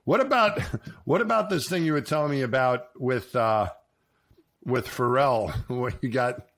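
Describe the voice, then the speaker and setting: A man's voice: medium pitch, unhurried, a bit bright. A middle-aged man co-hosting a podcast, chatting easily with chuckles and frequent affirmations. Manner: easygoing, chuckling, lots of affirmations. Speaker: podcast co-host. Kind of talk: casual conversation.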